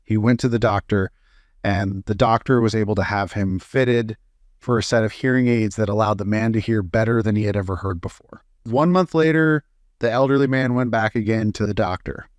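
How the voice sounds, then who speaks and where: A man's voice: on the low side, normal speed, no echo. Man reading jokes, dry close sound. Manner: casual storytelling with small slips and fillers. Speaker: joke reader.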